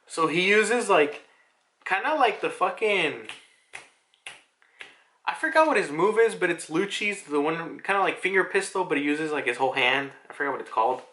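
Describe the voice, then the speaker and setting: A man's voice: on the high side, expressive, normal speed, bright, forceful tone. A man giving a casual manga chapter recap, rambling, swearing and leaning on fillers. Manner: rambling, filler-heavy, profane.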